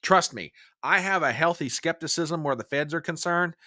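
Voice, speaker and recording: A middle-aged man hosts a live stream and talks straight to his viewers. His voice is bright and forceful, and he rants with heated emphasis while reading their comments. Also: a little high, moderate pace. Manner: emphatic, ranting, swings from warm to furious. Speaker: host.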